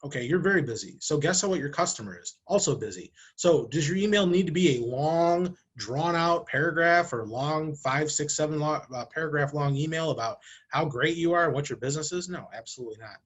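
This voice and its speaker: Man, husky voice, casual explainer to camera, rhetorical questions, acts out quick examples. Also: a little high, lively intonation. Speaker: marketing director. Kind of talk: talking-head marketing video. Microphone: camera, speaking to camera.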